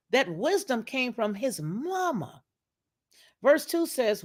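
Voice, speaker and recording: A woman's voice: a little high, big pitch swings, takes it slowly. A woman commenting on a video in a preacherly, emphatic way, quoting scripture as she goes. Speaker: online commentator.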